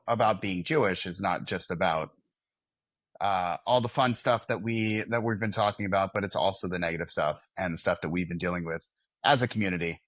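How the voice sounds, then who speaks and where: A man's voice: low-pitched, a bit bright, no room sound, clean studio sound. A middle-aged man with an American accent, co-hosting a casual podcast chat with wry, self-deprecating banter. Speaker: podcast co-host.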